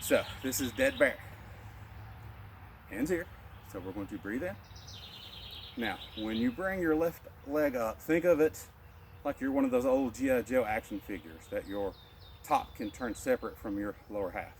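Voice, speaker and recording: Calm man guiding qigong breathing. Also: mid-range voice, background noise. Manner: calm, cues breathing in a slow steady rhythm. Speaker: martial arts instructor.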